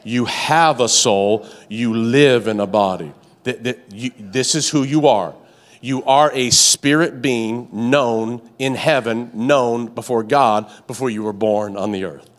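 In a church sanctuary, before a live and online congregation, a male pastor preaches slowly at a medium pitch. The delivery is repetitive in cadence, invites call-and-response, and breaks into stammered restarts whenever he gets worked up.

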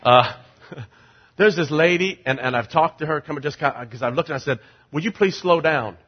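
A middle-aged male pastor preaching a sermon, animated, moving between quiet conversational asides and loud, rising declarations. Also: fairly high pitch, normal speed, lo-fi sound.

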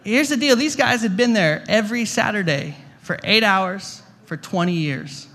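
A man's voice: high voice, moderate pace, bright, forceful tone. A young adult man preaching a storytelling sermon as a guest pastor, talking conversationally with jokey asides and stumbling through lots of repeated words. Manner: stammering restarts, repeats words.

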